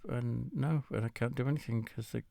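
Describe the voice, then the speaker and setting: A man's voice: mid-range voice, fairly even intonation, a little fast, gravelly, warm tone, dry recording. A tired man, casually commenting while he plays a game of chess, muttering and swearing now and then. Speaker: gamer playing chess against the computer.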